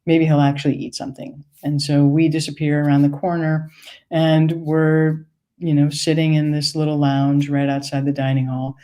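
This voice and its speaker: A woman's voice: low-pitched, little pitch movement, moderate pace, mellow. A woman from Maine telling a wry, conversational personal story on stage. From United States, Maine.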